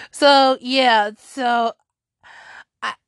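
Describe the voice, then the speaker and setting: A woman rambles through a casual vlog chat, laughing often and restarting her sentences. Her voice sits a bit high, and she takes her time over every thought. The sound is dry and close, with no room around it. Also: steady tone, extremely slow, vocal fry, fairly bright tone, clear, resonant tone, dry recording.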